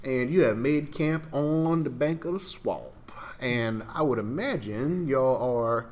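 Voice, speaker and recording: Relaxed dungeon master. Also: male voice, medium pitch, slow pace. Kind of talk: narrating a tabletop game.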